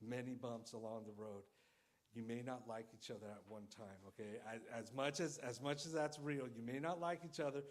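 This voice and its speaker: A man giving a heartfelt wedding toast at a reception, repeating earnest advice to the couple and often adding "okay?". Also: mid-range voice. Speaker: wedding guest giving a speech.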